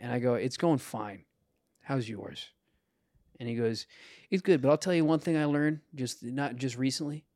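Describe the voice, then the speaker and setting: A man's voice: medium pitch, moderate pace, a little mellow, no room sound, clean studio sound. A young man co-hosting a comedy podcast, telling a rambling story with restarts, profanity and bursts of laughter. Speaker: podcast co-host.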